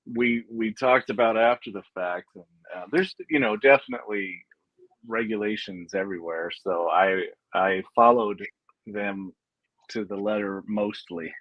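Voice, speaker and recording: A man chatting as a guest in a relaxed way, laughing often and filling pauses with "uh". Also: fairly low pitch, dry recording, highs cut off. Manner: laid-back, laughs often, hesitant fillers. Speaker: guest, paranormal investigator. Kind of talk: casual chat. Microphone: video call.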